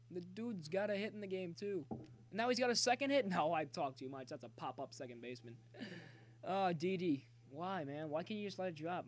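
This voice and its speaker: A man streaming a baseball video game, talking chattily to viewers and yelling excitedly at the plays. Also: on the high side. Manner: excitable, cheers and yells at the game; talkative, jokey banter with viewers. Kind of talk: live gameplay commentary.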